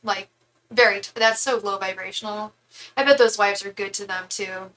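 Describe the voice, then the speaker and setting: In a low-quality recording, a young tarot reader with a medium-pitched, fairly bright voice gives a casual live reading at normal speed with fairly even intonation. She's chatty and candid, thinking aloud and frequently restarting.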